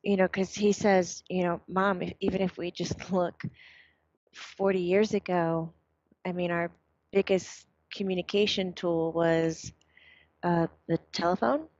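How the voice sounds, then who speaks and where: A woman talking casually, passing on her son's words in a chatty, animated way with plenty of fillers. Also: on the low side, unhurried, dry recording. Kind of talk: casual chat. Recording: dull, dry, lo-fi sound.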